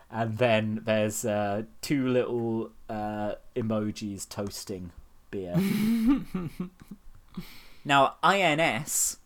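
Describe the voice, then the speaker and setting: Sarcastic, laughing man with a lively voice. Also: on the low side, extremely slow, pauses often. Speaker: podcast host. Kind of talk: casual comedic chat, reading posts aloud mockingly.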